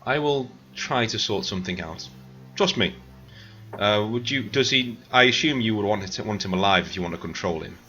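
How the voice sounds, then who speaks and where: A man voicing a scheming, cursed male lord who bargains quietly in a tabletop game. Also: on the low side, animated, moderate pace, faint music behind.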